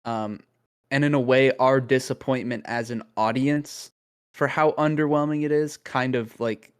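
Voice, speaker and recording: A man's voice: medium pitch, steady tone, unhurried, smooth. A young man co-hosting a podcast, talking through his thoughts in a casual, thoughtful way with lots of fillers. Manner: thoughtful, many fillers and restarts. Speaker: podcast co-host. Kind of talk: casual chat.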